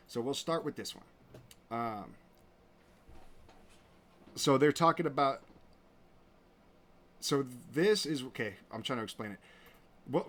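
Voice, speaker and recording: A man hosting his own show, talking in a rambling, indignant way with many restarts. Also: mid-range voice. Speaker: show host. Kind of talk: casual commentary.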